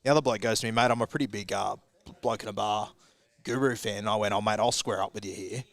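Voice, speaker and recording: Australian man, quick talker, dry close sound, rambling anecdote, casual sports chat. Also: fairly low pitch, steady tone, gravelly, no echo. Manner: rambling, laughing anecdote with acted quotes. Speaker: guest rugby league pundit.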